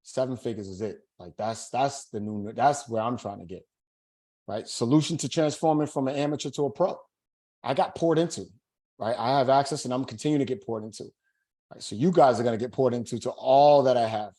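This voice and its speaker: Man, real estate coach, webinar pitch, casual slangy hype, keeps saying right. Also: fairly quick, dark tone. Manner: casual, tags sentences with "right?".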